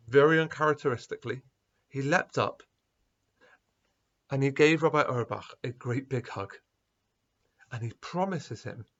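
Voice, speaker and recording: A man speaking as a rabbi at a school assembly, telling a story with lively quoted dialogue. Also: mid-range voice, lo-fi sound. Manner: animated storyteller, acting out quoted voices.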